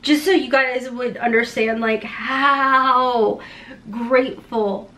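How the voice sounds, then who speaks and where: A woman's voice: a little high, steady tone, slow pace, pushed and bright. A woman beauty vlogger chatting casually while doing her makeup, rambling, emotional and heartfelt with folksy slang.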